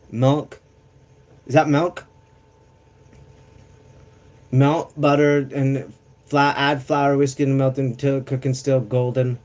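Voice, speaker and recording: Man, casual streamer, profane and rambling, coughs through his chat, middle pitch. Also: a little mellow.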